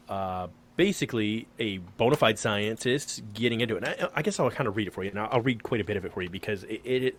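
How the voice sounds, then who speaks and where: A man co-hosting a casual podcast, reading an article aloud over a remote call, joking and tripping over words. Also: on the low side. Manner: joking, self-deprecating, stumbles over words. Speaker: podcast co-host.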